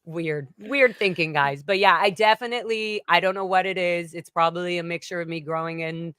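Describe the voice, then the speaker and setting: A woman's voice: fairly low pitch, brisk, a bit bright, clear, resonant tone, no room sound, studio quality. A woman singer chatting as a guest in an interview, swearing freely and slipping into playful put-on voices. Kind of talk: casual interview chat.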